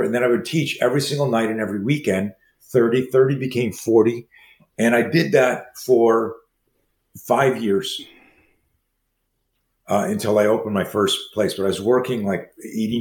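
A man in his sixties who teaches martial arts, telling stories as an interview guest and acting out the dialogue in quick, animated bursts. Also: lowish voice. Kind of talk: storytelling in a conversation. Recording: roomy echo.

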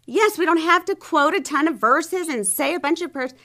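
A woman's voice: high-pitched, moderate pace, pushed and bright. A woman hosting an interview, reflective, asking thoughtful questions and laughing easily. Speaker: host. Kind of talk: conversational interview.

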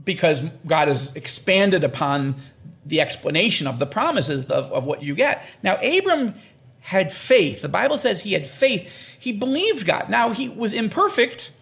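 Man, animated and emphatic, high lively voice with gravelly fry, explaining scripture in conversation. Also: moderate pace. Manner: animated, acts out quoted prayers and God's words; emphatic, repeats phrases for stress. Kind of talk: conversational interview.

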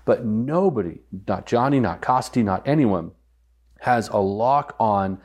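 A man's voice: on the low side, a little slow, a little mellow. A man speaking as a guest on a podcast, earnestly teaching and repeating phrases for weight.

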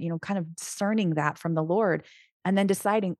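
Earnest, animated woman life coach. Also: on the low side, fairly quick, dry recording, studio quality. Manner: earnest, animated, with frequent restarts. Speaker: Christian life coach, guest. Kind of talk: casual podcast conversation.

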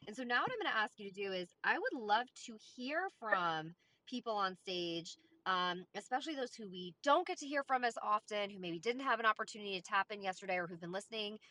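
Woman moderator, upbeat and coaxing, bright tense tone, mid pitch. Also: lively intonation, a little fast. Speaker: host. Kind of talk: moderating a live audio room.

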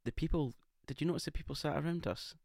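A man's voice: a little high, fast talker, gravelly, darkish tone, no room sound, studio quality. A man co-hosting a casual podcast, camp and playfully teasing. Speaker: podcast co-host. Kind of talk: casual chat. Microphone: podcast microphone.

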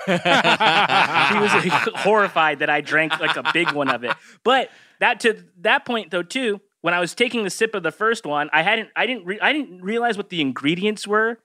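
A man's voice: sits high, animated, moderate pace, sharp tone, no echo, clean studio sound. A man guesting on a podcast, chatting casually and laughing often. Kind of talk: casual chat.

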